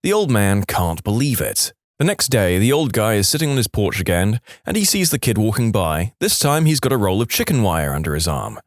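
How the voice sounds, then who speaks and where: A lively man reading jokes aloud. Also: lowish voice, fairly quick, few pauses, dry recording, clean studio sound. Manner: lively, voices the characters. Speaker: joke storyteller.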